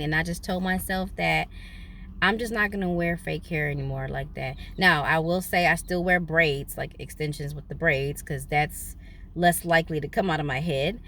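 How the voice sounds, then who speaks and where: Bright-voiced young woman telling a story. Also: slight background noise. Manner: animated, dramatic retelling with big pitch jumps. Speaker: vlogger. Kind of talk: casual storytelling.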